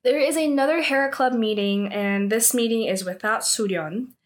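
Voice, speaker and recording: A woman's voice: on the high side, normal speed. Chatty woman recapping a drama. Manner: chatty, heavy use of 'like' fillers. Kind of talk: casual plot recap.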